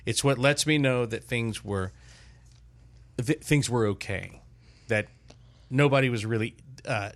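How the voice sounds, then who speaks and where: A man's voice: mid-range voice, a little slow, pauses often. Older man telling a funny story. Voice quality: animated storyteller, loud put-on shouts in quotes. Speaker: podcast host. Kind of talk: casual storytelling chat.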